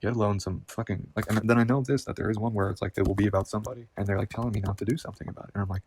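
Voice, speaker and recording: A man's voice: fairly low pitch, fairly even intonation, rapid-fire, hardly any pauses, background noise. A man talking to camera in a rambling, agitated personal monologue, swearing constantly and repeating himself. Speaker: vlogger.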